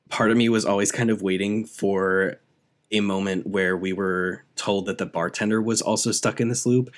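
A man with a fairly low voice talks through a film on a podcast in loose, enthusiastic chat. He rambles, laughs often, and stacks up questions as he goes. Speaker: podcast co-host. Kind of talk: casual movie review chat.

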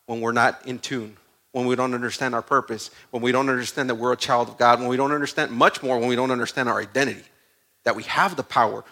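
A man preaching a sermon in a conversational, animated way, full of asides and stories. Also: mid-range voice.

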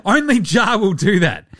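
A man's voice: high-pitched, sing-song, slow pace, a bit bright, no room sound, clean studio sound. A man hosting a casual sports podcast, brash, profane and jokey. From Australia. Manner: brash, profane, jokey, puts on voices for quotes. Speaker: podcast host.

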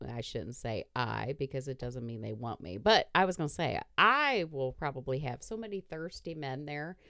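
A woman's voice: extremely low pitch, animated, normal speed, bright, forceful tone, dry recording, studio quality. A woman hosting a podcast, chatting casually in a bawdy, self-mocking way and laughing often. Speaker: podcast host. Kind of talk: casual chat.

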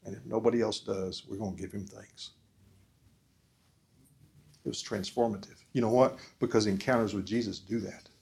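A man giving an earnest preaching talk at a forum, asking the audience questions and swinging between loud emphasis and soft, quiet lines. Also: fairly low pitch, fairly even intonation, moderate pace, gravelly, pauses often. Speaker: speaker at a discipleship forum.

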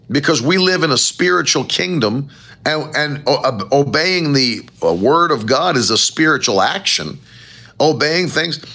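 A man preaching a sermon as pastor, with animated, emphatic rising phrases and a gravelly voice. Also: medium pitch.

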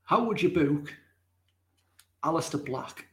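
Man, podcast co-host, high voice, joking, echoey room. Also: lively intonation, slow, fairly bright tone. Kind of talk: casual podcast chat.

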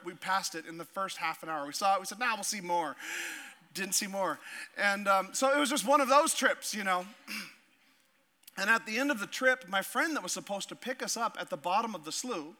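A man's voice: high voice, moderate pace, bright, forceful tone. A middle-aged man from Alaska, a pastor preaching a sermon, telling stories with laughter and acting out voices.

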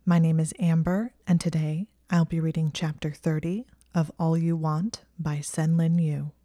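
A woman reading a fan fiction story aloud as an audiobook, in calm, measured narration. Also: low-pitched, dry recording, studio quality. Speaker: audiobook reader.

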